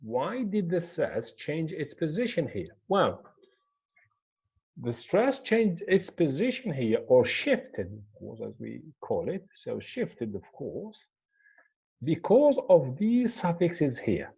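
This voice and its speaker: Male pronunciation teacher, lively pitch, dark husky tone, dull lo-fi sound. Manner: slow, repetitive explaining, pointing at the board. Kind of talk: classroom lecture.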